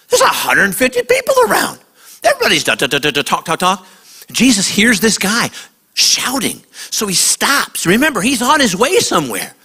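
Animated high-voiced male preacher. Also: moderate pace, husky. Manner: emphatic shouting at high points. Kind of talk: sermon to a young audience.

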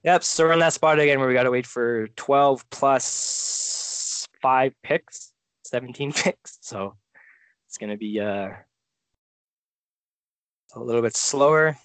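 A relaxed man chatting casually on a podcast, thinking out loud and letting his sentences trail off. His voice sits at a middle pitch and sounds dry and close to the mic, with no room around it. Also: slow, pauses often, smooth, no echo. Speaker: podcast co-host. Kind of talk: casual fantasy draft chat.

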